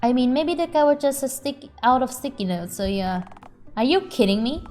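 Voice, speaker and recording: A woman's voice: high voice, animated, moderate pace, warm tone, soft background music. A young adult woman streamer, playful and giggly, talking casually and swearing as she plays and reads a game aloud. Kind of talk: casual game playthrough commentary.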